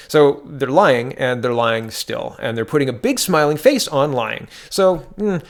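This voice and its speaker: A man's voice: mid-range voice, expressive. A man giving indignant, sarcastic commentary on politics, reading out articles and breaking in with his own remarks. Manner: indignant, sarcastic, fast-shifting emphasis.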